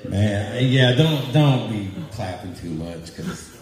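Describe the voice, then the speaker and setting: A man's voice: on the low side, animated, measured pace, hardly any pauses. A man doing a loose, rambling stand-up set, laughing at his own jokes. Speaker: stand-up comedian. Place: club or hall with a live audience. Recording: echoey hall, noisy live room.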